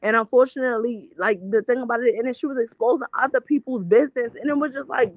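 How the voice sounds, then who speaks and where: Hosting a relaxed gossip chat, this woman speaks fast in a slightly high voice. She's blunt and profane, with rambling stop-start restarts, and the audio sounds dull, dry, and lo-fi.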